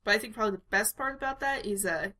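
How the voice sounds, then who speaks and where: On a tabletop game podcast, a woman introduces her character, speaking at medium pitch in a racing, sharp-toned voice. She rambles casually and at length, explaining things with frequent giggles.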